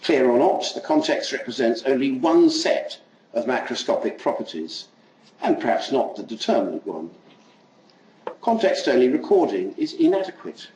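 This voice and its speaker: An older man giving an academic lecture, reading a prepared text in a measured way with occasional asides. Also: medium pitch, sing-song, darkish tone, highs cut off. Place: lecture hall. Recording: echoey lecture hall, faint noise.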